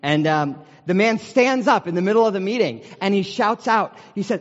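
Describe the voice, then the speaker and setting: American pastor preaching in a hall. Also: male voice, high-pitched, lively intonation, normal speed, hardly any pauses. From United States. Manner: conversational storytelling with self-deprecating humor. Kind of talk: sermon. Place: large meeting hall. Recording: dull sound with long hall reverb.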